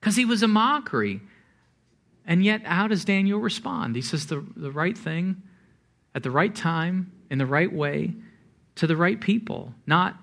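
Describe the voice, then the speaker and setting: A male pastor with a fairly high voice delivers a lively sermon to his congregation. He stumbles and repeats words in spots and slips into quick acted-out voices for the people in his story. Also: vocal fry. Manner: animated preaching with repeated words and quoted asides.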